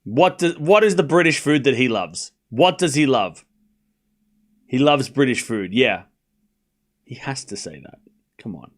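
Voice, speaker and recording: A man's voice: mid-range voice, lively intonation, measured pace, long pauses. A young Australian man streaming a tennis watchalong, calling scores and bantering with chat in a joking, sarcastic way. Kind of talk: live watchalong commentary and chat.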